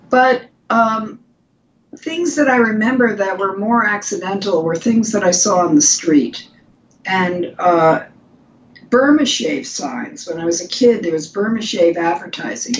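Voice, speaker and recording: Older woman telling design stories. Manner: animated storytelling with restarts. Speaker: guest designer. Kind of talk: conversational interview. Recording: lo-fi with faint rumble.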